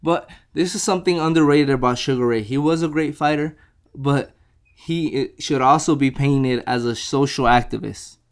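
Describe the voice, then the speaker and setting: A man's voice: mid-range voice, normal speed, smooth. Rambling young man retelling a book. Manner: rambling, repeats himself, acts out quotes. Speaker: book reviewer. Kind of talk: casual book review retelling.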